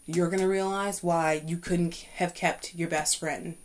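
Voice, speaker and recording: A young adult woman hosting a faith-based talk, speaking in an emphatic, preachy way that climbs high and loud when she gets fired up. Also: steady tone, measured pace. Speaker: podcast host.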